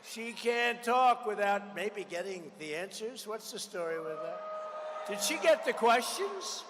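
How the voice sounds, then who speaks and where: A man's voice: high-pitched, animated, unhurried. A man in his seventies gives a campaign rally speech, combative and mocking, repeating his lines for punch. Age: 70s. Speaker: political candidate. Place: large rally venue. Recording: long arena reverb, faint background noise.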